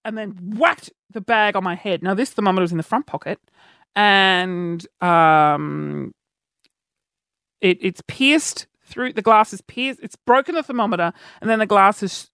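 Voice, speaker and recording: A man hosting a podcast, telling self-mocking stories in an animated way. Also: no echo. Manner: animated, self-mocking, jumps into shrill yelps when acting out panic. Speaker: podcast host. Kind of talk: casual storytelling monologue.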